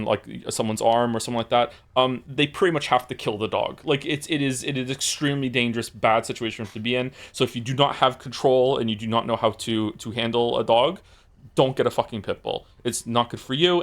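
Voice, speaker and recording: A man streaming and chatting casually with viewers, rambling through stories with lots of fillers, restarts and blunt swearing. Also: medium pitch. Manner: profane and blunt.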